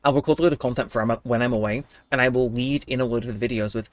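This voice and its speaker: A young man with an oncoming cold streams a game live, chatting loosely with his audience and often breaking into laughter. He talks very fast in a mid-range voice with fairly even intonation.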